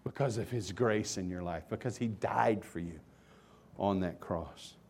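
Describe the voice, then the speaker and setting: Emphatic male preacher swinging loud and hushed. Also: low-pitched, measured pace, a little hiss or hum. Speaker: pastor. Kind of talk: sermon. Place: church sanctuary.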